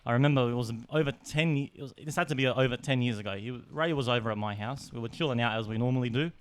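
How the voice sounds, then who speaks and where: A young man co-hosting a casual podcast, telling animated stories and laughing often. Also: medium pitch, very fast, clean tone. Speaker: podcast co-host. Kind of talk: casual storytelling chat.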